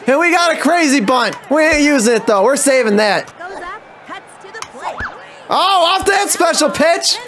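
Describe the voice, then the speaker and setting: A man commentating his own baseball video game, excitable, swearing and groaning at the plays. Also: very high voice, measured pace, pauses often, music in the background. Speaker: gameplay commentator. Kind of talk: let's play commentary.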